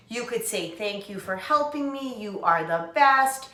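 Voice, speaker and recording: Woman teacher for a kids' video lesson, slow and sing-song, spells words aloud, echoey home room. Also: on the high side, animated, bright, forceful tone. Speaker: teacher reading to children. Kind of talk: remote lesson for young children.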